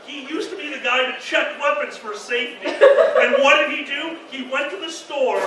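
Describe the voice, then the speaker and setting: A man telling lively stories at a convention panel, laughing and acting out shouted quotes. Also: extremely high pitch, moderate pace. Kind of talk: animated live storytelling. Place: convention room with an audience. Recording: echoey room from far off, crowd noise.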